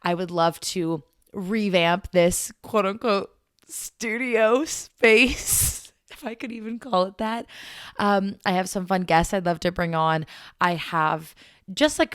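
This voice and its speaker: A woman's voice: lowish voice, steady tone, normal speed, clear, resonant tone, dry recording. A young adult woman hosting a casual solo podcast from a small makeshift home studio, chatty and giggly, rambling with fillers. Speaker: podcast host.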